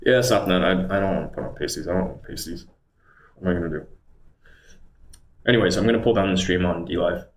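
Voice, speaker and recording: Deep-voiced guy rambling to himself on a stream, echoey room w/ faint hum. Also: a little fast, long pauses. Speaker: live streamer. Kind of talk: casual livestream chatter. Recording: roomy echo with faint background hum.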